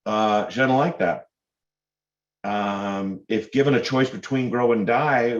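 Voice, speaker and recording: A man's voice: mid-range voice, expressive, moderate pace. A man giving a public lecture to students, emphatic and full of sarcastic rhetorical questions. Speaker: guest lecturer. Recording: dull lo-fi lecture recording.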